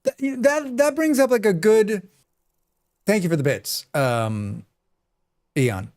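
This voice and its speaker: A man's voice: sits high, lively intonation, takes it slowly, a little mellow. Chatty man streaming a game. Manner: chatty, reads and answers viewer chat while playing. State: sneezing repeatedly. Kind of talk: casual live-stream chat.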